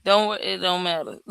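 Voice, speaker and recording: A hoarse man who is a guest on a livestream, chatting in a rambling, teasing way and repeating himself. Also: high-pitched, fairly bright tone, no echo. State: hoarse from yelling. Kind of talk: casual livestream chat.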